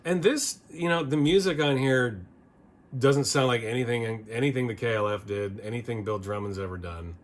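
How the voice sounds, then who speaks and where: A man's voice: medium pitch, normal speed. A man hosting a casual record-review video, rambling and opinionated, often restarting his sentences. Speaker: music video host.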